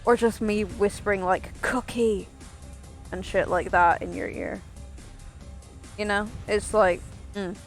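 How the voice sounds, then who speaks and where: Woman streamer, casual rambling chat, swears freely, mid pitch, faint game music behind. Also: fairly even intonation, measured pace, pauses often. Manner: rambling, swearing, self-mocking asides.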